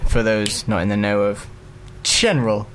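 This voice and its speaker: A man's voice: lowish voice, normal speed, a bit bright, slight background noise. A man co-hosting a casual radio chat, hesitant and playful, with many ums and uhs. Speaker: co-host.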